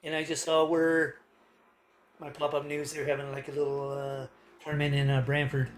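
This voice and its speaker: Canadian guy ranting off the cuff, voice sits kinda high, keeps restarting and cracking up. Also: completely flat delivery, moderate pace, a little hiss or hum. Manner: rambling, many fillers and restarts, frequent laughter. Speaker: political commentator. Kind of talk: casual rant to camera.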